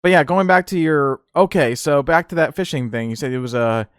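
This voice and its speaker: Man, podcast host, casual rambler, fairly high voice. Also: fairly quick, no room sound, clean studio sound. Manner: rambling, laughs often, many fillers. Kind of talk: casual chat.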